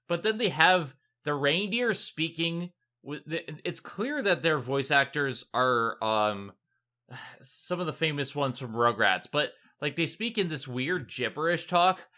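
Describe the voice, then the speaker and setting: A man chatting as a podcast co-host about a film. His voice is bright and forward, and his delivery is animated and exasperated, full of "like" and restarts. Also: a little high. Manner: animated, exasperated, many fillers. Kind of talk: casual movie review chat.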